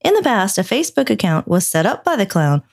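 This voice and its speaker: Animated woman reading news with teasing. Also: mid-range voice, fast talker, gravelly. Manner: teasing, laughs often. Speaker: podcast co-host. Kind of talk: casual chat and reading news aloud.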